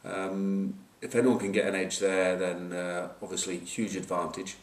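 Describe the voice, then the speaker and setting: Low-pitched and level, at a normal pace, a rugby pundit gives a relaxed, joking match preview full of fillers and tangents. The audio comes from a distant camcorder mic and sounds roomy.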